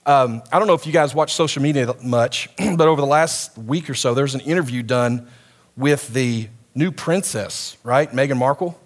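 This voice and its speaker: A man's voice: mid-range voice, normal speed. A middle-aged man preaching a sermon to a live congregation in a church, talking conversationally and asking the audience questions.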